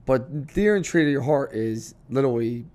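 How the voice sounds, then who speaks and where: A man's voice: medium pitch, animated, normal speed, a little mellow. A man hosting a podcast, asking direct questions and summarizing his guest's career. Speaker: podcast host. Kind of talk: interview questions.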